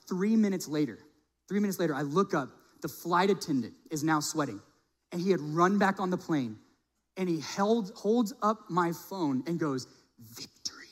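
A middle-aged male pastor telling a personal story in a sermon, animated, acting out the people he quotes. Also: fairly high pitch. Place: church sanctuary. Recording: long reverb of a large hall.

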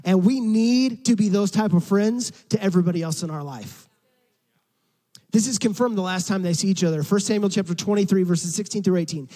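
A man's voice: high voice, brisk, warm tone, in a large hall, poor audio. A man preaching a sermon in a church, emphatic and conversational, talking straight to the congregation. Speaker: pastor.

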